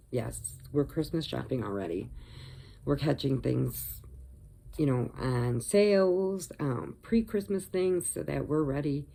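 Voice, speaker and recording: A woman's voice: low voice, creaky, dark tone. An older woman from Illinois, chatting casually and rambling on her crochet vlog, laughing often. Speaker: crochet vlogger. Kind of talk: casual chat.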